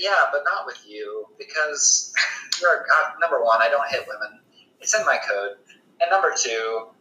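A man in his twenties co-hosting a casual podcast chat, excitable and laughing often as he swears freely. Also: on the high side. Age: 20s. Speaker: podcast co-host. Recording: echoey room sound.

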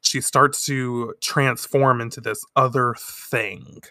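A man co-hosting a casual recap podcast, animated, swearing often and laughing a lot. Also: mid-range voice, slow, dry recording, studio quality. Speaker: podcast co-host.

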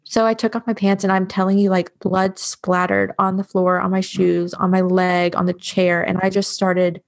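A woman speaks candidly on an interview podcast, her voice sitting low and fairly flat in tone. There is a gravelly fry through her words. She tells her story in a blunt, matter-of-fact way. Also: moderate pace. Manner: frank, matter-of-fact, with frequent fillers. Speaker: guest, bereavement doula.

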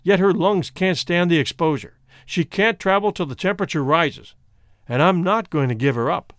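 A man voicing a grim, forceful man who speaks bluntly and threatens his rival. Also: high voice, moderate pace, no echo, clean studio sound, lightly acted. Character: grim, forceful man defending a sick woman.

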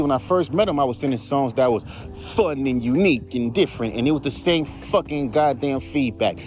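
A man's voice: a little high, darkish tone. A man who raps, ranting in a casual, profane, heated way on his podcast. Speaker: podcast host, rapper. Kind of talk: casual rant.

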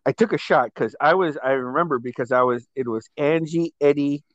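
A man's voice: fairly high pitch, fairly quick, no room sound, highs cut off. A man telling rowdy party stories in a casual chat, swearing freely and laughing as he goes. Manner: profane, animated storytelling with laughter. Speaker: host.

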